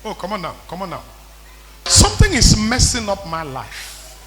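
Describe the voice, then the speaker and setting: A man preaching a sermon as pastor, in impassioned call-and-response that builds to shouting. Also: sits high, wildly swooping pitch, moderate pace. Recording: long hall reverb.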